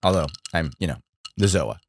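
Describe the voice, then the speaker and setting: A young man hosting a casual livestream, chatty and animated, talking to his viewers. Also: sits low, normal speed, gravelly. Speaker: livestream host.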